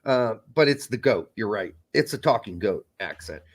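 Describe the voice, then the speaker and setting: Lively, profane male podcast co-host. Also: fairly low pitch, normal speed. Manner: blunt, profane, jumps into mock voices. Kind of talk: casual chat.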